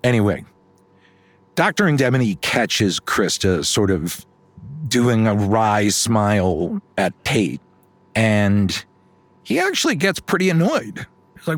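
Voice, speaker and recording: A man telling an improvised comic bedtime story on a podcast, slipping into quick character voices. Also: mid-range voice, no room sound. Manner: animated storytelling with sudden put-on voices.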